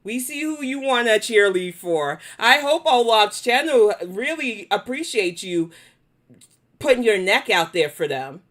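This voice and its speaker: Woman host with a New York accent, slightly high voice, blunt and cussing, live commentary. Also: lively intonation, unhurried, a bit bright. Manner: blunt, profane, confrontational. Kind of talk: live commentary and chat replies.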